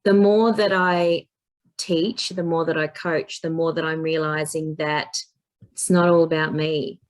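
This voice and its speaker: A woman coach and teacher, a podcast guest, chatting casually and telling lively stories in which she acts out what people said. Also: low-pitched, unhurried. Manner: animated storyteller who acts out quotes. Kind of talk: casual chat.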